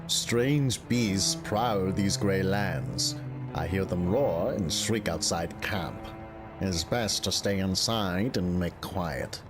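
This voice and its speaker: A man voicing a weary, fussy flea who grumbles slowly in broken grammar. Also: deep voice, over music.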